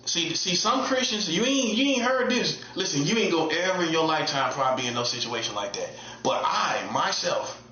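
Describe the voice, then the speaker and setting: A man's voice: a little high, expressive, a little fast, few pauses, bright, forceful tone. A man giving a casual, emphatic monologue as an online preacher, repeating himself in street slang. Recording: echoey room, dull lo-fi sound.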